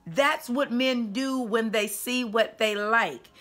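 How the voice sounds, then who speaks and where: A woman's voice: fairly high pitch, slow, fairly bright tone. A woman dating coach giving casual video commentary in an emphatic, chatty way with punchy asides.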